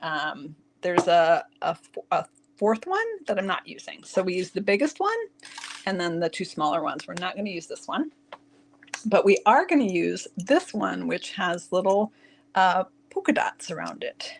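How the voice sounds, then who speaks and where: A woman hosting a casual card-making tutorial, chatty and quick to laugh as she talks straight to her viewers. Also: lowish voice, animated, slight background noise. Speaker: craft channel host.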